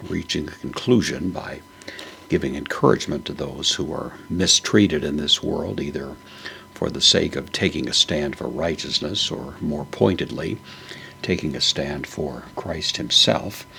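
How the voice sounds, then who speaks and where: A man teaching a verse-by-verse Greek Bible lesson, unhurried, with many fillers as he parses each word. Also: a bass voice, gravelly, sharp tone, a little hiss or hum.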